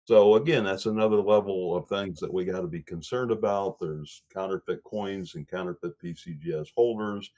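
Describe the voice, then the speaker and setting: A man's voice: sits low, normal speed, few pauses, warm tone, lo-fi sound. A man talking on a livestream coin panel over a video call, often restarting and repeating words as he thinks. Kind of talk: casual livestream discussion.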